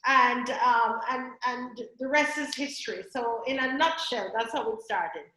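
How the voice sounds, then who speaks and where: Bright, high-voiced woman storyteller. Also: measured pace, roomy sound, rough recording. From Jamaica. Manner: animated, laughing storyteller. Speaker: filmmaker guest. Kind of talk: casual interview storytelling.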